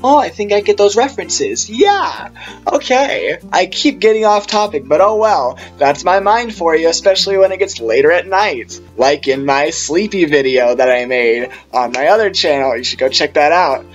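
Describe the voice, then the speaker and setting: Young male vlogger, rambly storyteller, slightly high voice, music bed audible. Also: normal speed, few pauses, highs cut off. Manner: rambling, tangent-prone, animated quoting voices. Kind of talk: casual storytime chat.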